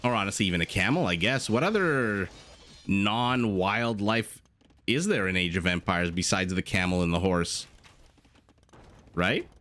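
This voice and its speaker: A married man casting a strategy video game match as a commentator, lively and jokey, with rambling asides and sudden gasps. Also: deep voice, a little slow. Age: adult, married with a young child. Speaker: game caster. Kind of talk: esports commentary.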